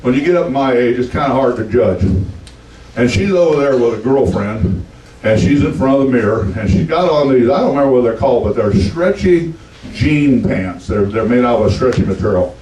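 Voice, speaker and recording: A man's voice: mid-range voice, animated, a little fast, a little mellow, roomy sound, distant mic, rough recording. A man in his seventies with a Texan accent, doing stand-up and telling folksy stories in a drawl, voicing the people in them. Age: 70s. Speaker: stand-up comedian. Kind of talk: stand-up storytelling.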